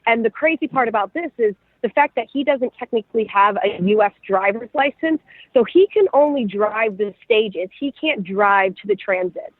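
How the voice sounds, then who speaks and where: Woman guest on a phone line, high pitch, upbeat and chatty. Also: expressive, moderate pace, dry recording. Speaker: rally reporter guest. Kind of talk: casual chat.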